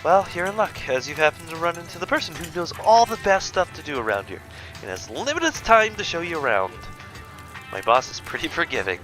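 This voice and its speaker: A man's voice: fairly high pitch, sing-song, a little fast, fairly bright tone, soft background music, pitched above the performer's own voice, rough recording. A man reading a game character's lines, a chatty and friendly small-town local who talks in a breezy, teasing way.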